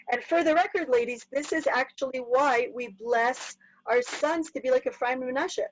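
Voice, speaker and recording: A woman teaching a lively Torah class, explaining quickly and acting out the characters in sudden bursts. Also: high voice. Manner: animated, acts out characters in bursts. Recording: dull muffled dry recording.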